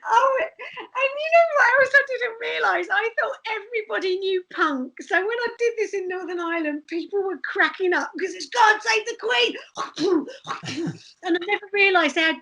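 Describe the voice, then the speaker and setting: A woman with a high voice tells stories with lots of energy, often breaking into laughter. She talks casually as a guest in a podcast interview about her life as a street performer. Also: moderate pace. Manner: animated, laughing storyteller.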